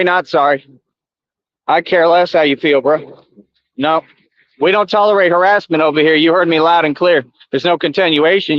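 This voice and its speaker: A man's voice: on the high side, no echo. A middle-aged man streaming live outdoors, taunting his chat in a confrontational, repetitive rant. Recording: dull lo-fi, dry.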